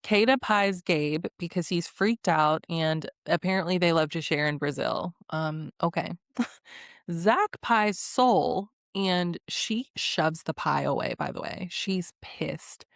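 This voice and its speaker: A woman's voice: fairly low pitch, takes it slowly, no room sound, clean studio sound. A young woman giving a sassy, casual recap of a reality show, with blunt opinions and laughing asides. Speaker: recap vlogger.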